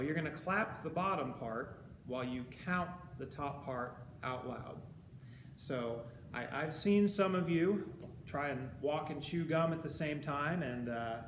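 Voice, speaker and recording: Patient band teacher in an echoey room. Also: male voice, fairly high pitch. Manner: patient, explains step by step and counts beats aloud. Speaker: high school band teacher. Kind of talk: recorded music lesson. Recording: echoey room with steady background noise.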